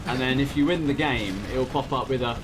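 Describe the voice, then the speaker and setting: A man's voice: medium pitch, fairly quick, noisy background. A man, casting a strategy game tournament in a chatty, laughing commentary style. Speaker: game caster. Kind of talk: casual esports commentary.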